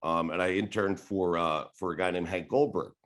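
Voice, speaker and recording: A man in his forties with a New York accent tells stories in a loose, rambling way. His voice sits a little low, and he drops in the odd swear word and laugh. It sounds like casual podcast talk. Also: steady tone, normal speed, a bit bright. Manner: rambling, laid-back, swears and laughs while telling stories. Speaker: sports radio host, podcast guest. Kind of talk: casual interview storytelling.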